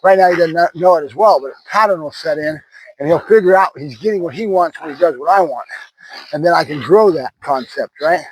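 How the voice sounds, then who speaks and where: A man's voice: fairly high pitch, fairly quick, husky, no room sound, poor audio. Upbeat male dog trainer, dry sound. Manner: talks to camera while praising and cueing a puppy, frequent "right?". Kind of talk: running commentary during training. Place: outdoors.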